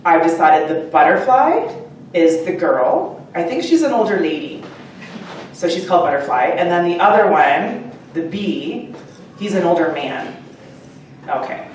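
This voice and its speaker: A woman telling the audience about her short story at a live book launch, chatty and animated, with many fillers and asides. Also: lowish voice, far from the mic, slight background noise. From Canada. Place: upstairs room of a restaurant at a live event. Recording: very echoey room, voice from off-mic.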